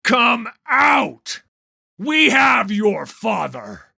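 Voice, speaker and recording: A man voicing a stern, cold middle-aged male mage hunter who speaks slowly and loudly with a menacing edge. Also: medium pitch, big pitch swings, creaky, slightly rough, no room sound, clean studio sound, pitched above the performer's own voice, full character voice. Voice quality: slow, loud, menacing delivery.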